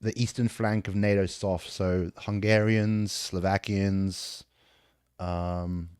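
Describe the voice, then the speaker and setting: A British man in his forties, a guest on a podcast, telling stories about his army years in a relaxed way. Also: deep voice, takes it slowly, clean tone, dry recording, clean studio sound. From England. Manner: laid-back storytelling, swears and laughs a lot. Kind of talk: casual interview.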